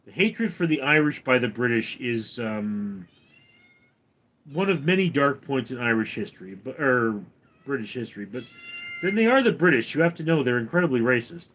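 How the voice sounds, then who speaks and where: A man hosting a live stream, giving dry, deadpan answers to chat messages. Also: medium pitch, normal speed. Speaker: livestream host reading chat.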